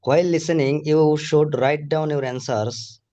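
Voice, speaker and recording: A male student reads a passage aloud slowly and carefully, keeping a formal tone. His voice is slightly high, and it comes through a muffled, lo-fi video call line. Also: fairly even intonation, dark tone. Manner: slow, careful, formal reading. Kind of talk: reading aloud.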